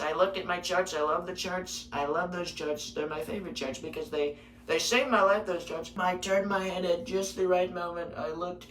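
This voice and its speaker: A man voicing a boastful, rambling older male politician who repeats himself and bursts out loudly. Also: sits high. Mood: bragging. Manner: repetitive, bragging, sudden loud bursts. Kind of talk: parody impression. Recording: roomy, distant mic with faint noise.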